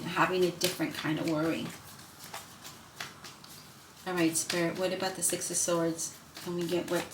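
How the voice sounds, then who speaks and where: A woman giving a casual spoken tarot reading, effusive and emotional, who keeps asking "right?" and calling her viewers "you guys". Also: fairly low pitch. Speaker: tarot reader. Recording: echoey room with steady noise.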